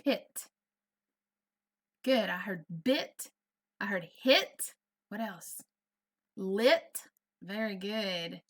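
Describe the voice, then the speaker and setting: A woman's voice: mid-range voice, lively intonation, very slow, pauses often. A woman with a Southern US accent teaching a first grade phonics lesson, stretching and sounding out words for young children. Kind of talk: virtual classroom lesson.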